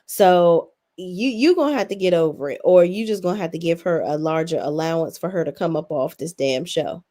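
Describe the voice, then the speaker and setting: A woman's voice: fairly low pitch, brisk, mellow. A young adult woman hosting a casual recap, blunt, sassy and full of swearing. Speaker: reality TV recap host.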